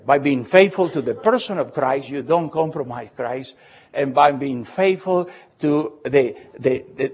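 A man preaching a sermon as pastor, emphatic, repeating words and slowing down to read scripture aloud. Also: mid-range voice, expressive, a little mellow, husky. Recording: dull lo-fi recording.

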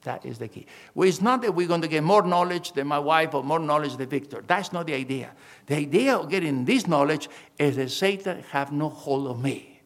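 A pastor preaching a sermon, acting out conversations with emphatic storytelling and phrasing. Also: male voice, fairly high pitch, fairly quick.

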